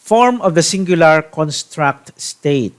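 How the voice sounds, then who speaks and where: A man from the Philippines teaching a Hebrew grammar lesson, deliberate, checking in with "okay?" and restarting phrases. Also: a little high, expressive. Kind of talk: classroom grammar lecture.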